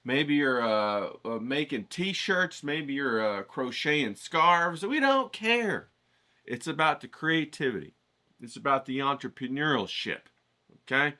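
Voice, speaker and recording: A man's voice: mid-range voice, lively intonation, a little slow, sharp tone. A man hosting a writing challenge, talking casually and rambling, swearing now and then and checking in with "okay?". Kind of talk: casual teaching vlog. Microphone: filtered through a voice isolator.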